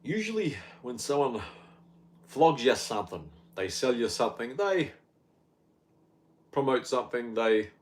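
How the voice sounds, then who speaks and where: A blunt, sardonic Australian man in his fifties with an Australian accent, rambling through a casual monologue. His voice sits at a middle pitch for a man. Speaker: health podcaster.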